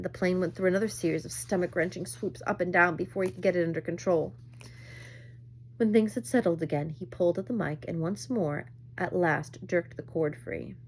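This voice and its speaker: Low-voiced woman reading a novel aloud. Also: vocal fry. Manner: measured reading with small slips. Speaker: reader.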